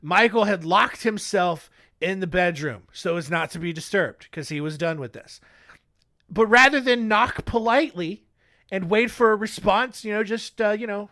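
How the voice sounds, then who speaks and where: A man's voice: high voice, moderate pace, bright, forceful tone. A man hosting a podcast, retelling a news story in a rambling, jokey style that keeps interrupting itself. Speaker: podcast host. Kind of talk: comic storytelling.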